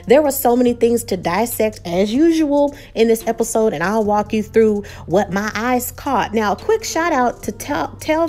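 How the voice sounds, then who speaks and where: A woman hosting a TV episode recap, talking in a chatty, animated way with frequent asides. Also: on the high side. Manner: chatty and animated, frequent "you know" and restarts. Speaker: show recap host. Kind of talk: casual recap commentary.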